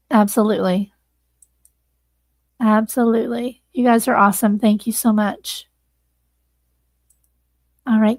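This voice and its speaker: Close to tears, a woman hosting a livestream earnestly thanks her viewers as she wraps up a casual stream. Her voice is medium in pitch, with no room sound in the recording.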